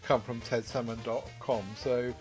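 Older man, podcast host, casual rambling chat, medium pitch. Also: little pitch movement, normal speed, soft background music. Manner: easygoing, rambling, conversational.

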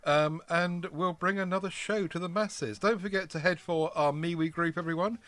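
A man's voice: high voice, fairly even intonation, moderate pace, fairly bright tone, dry recording. A man co-hosting a podcast, chatting in a jokey, rambling way with plenty of fillers. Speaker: podcast co-host. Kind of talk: casual podcast chat.

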